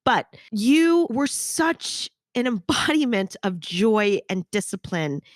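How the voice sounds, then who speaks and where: A woman's voice: mid-range voice, sing-song, slow pace, dry recording, clean studio sound. A woman hosting her podcast, talking frankly and energetically with her guest, with casual swearing. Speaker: podcast host. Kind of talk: conversational interview.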